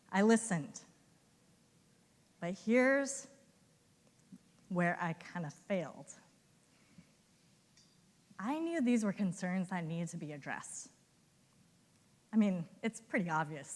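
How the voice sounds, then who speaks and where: A woman giving a conference talk as an animated storyteller who acts out the voices of colleagues she quotes. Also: medium pitch, in a large hall. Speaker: conference speaker. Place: hotel conference ballroom.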